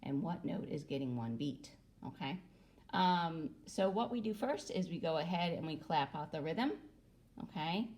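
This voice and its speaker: A woman's voice: deep voice, expressive, normal speed, darkish tone. A woman music teacher gives a recorder lesson to children, patiently adding "okay?" after nearly every phrase.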